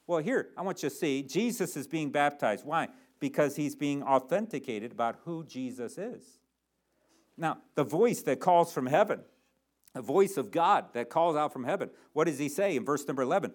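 A man's voice: expressive, brisk, darkish tone. Man preaching with rising intensity. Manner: expository preaching, rises sharply on quoted lines and key points, drops low on asides. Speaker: pastor. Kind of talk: sermon.

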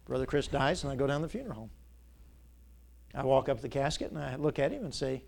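A man preaching a sermon as pastor, asking rhetorical questions and repeating key lines, his voice rising to loud peaks and dropping low. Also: quick pace, creaky, long pauses. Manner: big swings between loud peaks and quiet drops.

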